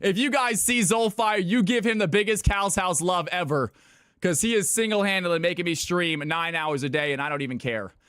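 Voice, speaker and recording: A man hosts a live game stream, talking fast and shouting with excitement at his chat. His voice sits high and sounds bright and sharp. The sound is dry and close, with little room sound. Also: clean tone, dry recording. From California. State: out of breath. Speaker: streamer hosting viewer games. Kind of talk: live-stream hype commentary.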